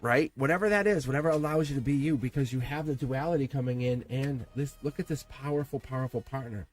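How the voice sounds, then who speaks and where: A man giving a live tarot reading in a chatty, animated way, often laughing and dropping to a low murmur. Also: fast. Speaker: tarot reader.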